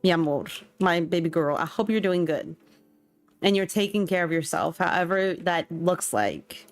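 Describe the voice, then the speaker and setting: A woman's voice: on the low side, lively intonation, normal speed, soft background music. A young woman streamer chatting casually and animatedly while she plays a game, full of slang and exclamations. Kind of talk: casual chat while gaming.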